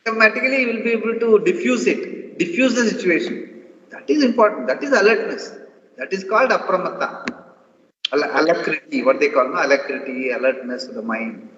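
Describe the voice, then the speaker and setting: High-voiced man teaching. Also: a little fast, fairly bright tone. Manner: earnest, explanatory, repeats phrases for emphasis. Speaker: spiritual teacher. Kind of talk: scripture class teaching. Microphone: video call. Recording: echoey distant online call, dull lo-fi sound, faint hiss.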